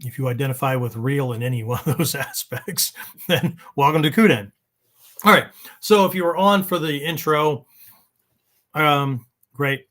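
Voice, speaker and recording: A man's voice: a little high, moderate pace, a bit bright. Rambling man hosting a podcast. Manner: rambling, frequent "right?" check-ins. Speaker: podcast host. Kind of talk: casual spoken podcast monologue.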